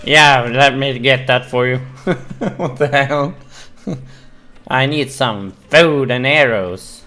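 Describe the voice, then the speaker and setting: A man hosting a gaming video, excitably commentating his play with frequent swearing and exclamations. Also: medium pitch, takes it slowly. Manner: excitable, swearing, exclaiming and laughing while playing. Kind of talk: casual let's-play commentary.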